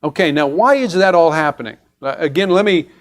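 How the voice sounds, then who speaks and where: Guy teaching sunday bible class at church, voice a bit on the high side, chatty, asks the class stuff, restarts a lot. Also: animated. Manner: conversational, explains step by step with pauses and restarts.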